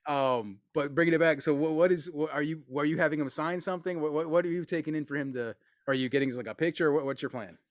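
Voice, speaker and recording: A man hosting a casual interview, an excitable storyteller who acts out quotes and laughs often. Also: fairly high pitch, fast talker, hardly any pauses, no echo.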